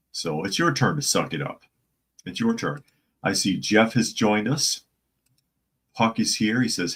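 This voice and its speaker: Low-voiced man hosting casual news chat. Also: fairly bright tone, husky. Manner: conversational, reads articles aloud and greets live chat. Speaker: host.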